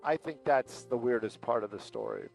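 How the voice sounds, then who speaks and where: A man talks loosely into an aviation headset from a helicopter cockpit, chatting his way through a story with plenty of fillers and quoted back-and-forth. His voice sits at an ordinary middle pitch, and faint music plays underneath. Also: huge pitch swings, moderate pace, creaky, rough recording. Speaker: aerial news pilot and livestream host. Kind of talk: casual rambling storytelling.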